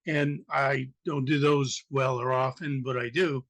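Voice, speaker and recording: A man from the American Midwest with a raspy voice, reading his poem at an online open mic over a video call, halting with many fillers. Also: medium pitch, flat delivery, fairly bright tone, dry recording.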